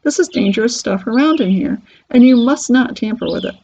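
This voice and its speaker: A woman reading a storybook aloud and voicing an eccentric male candy maker who talks in a brisk, cheerful, commanding way. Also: a little high, expressive, vocal fry, darkish tone, a little hiss or hum. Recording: dull lo-fi recording.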